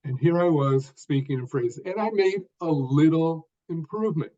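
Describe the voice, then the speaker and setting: Older guy on a podcast call, slightly high voice, talks in short punchy phrases, muffled lo-fi sound. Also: animated, dark tone. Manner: speaks in short deliberate phrases with stressed words. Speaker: guest author. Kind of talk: podcast interview storytelling.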